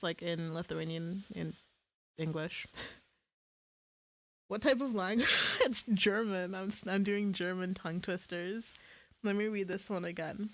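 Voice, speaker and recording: A woman streamer chatting casually on a live stream, swearing freely and laughing at her own slips. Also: mid-range voice.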